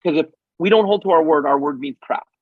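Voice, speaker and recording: A middle-aged man with a slightly raised, husky voice tells a story as an interview guest. He is animated and acts out the dialogue. The sound is dull, lo-fi and dry. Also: fairly high pitch, fast talker, no echo. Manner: animated, acts out quoted dialogue, frequent ums. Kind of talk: casual storytelling in a podcast interview.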